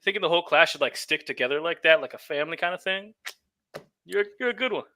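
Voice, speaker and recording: A man's voice: on the high side, fast talker, sharp tone, voice pushed up. A man playing an eager, friendly wizard student. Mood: earnest. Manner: earnest, gushing praise.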